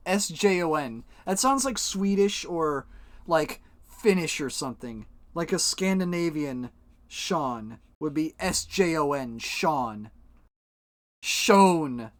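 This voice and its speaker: Lively, chatty male streamer. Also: high voice, unhurried, no echo. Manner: chatty, swears casually, talks to chat. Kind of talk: casual live-stream chat.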